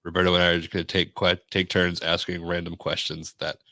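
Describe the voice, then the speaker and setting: Deep-voiced male podcast host, casual. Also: fast, no room sound, studio quality. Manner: relaxed and swears casually.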